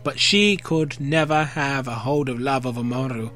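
A man's voice: mid-range voice, moderate pace, fairly bright tone, faint music behind. A young man reading fan fiction aloud in a casual way, breaking off for jokey asides. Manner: casual, jokey, swears freely.

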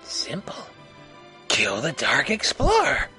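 A man's voice: on the high side, wildly swooping pitch, slow pace, pushed and bright, soft background music, heavily acted. A man voicing a sly, maniacal male fox clown villain who sneers and wheedles in an amateur audio story. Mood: sneering. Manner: sneering, wheedling, sometimes whispery.

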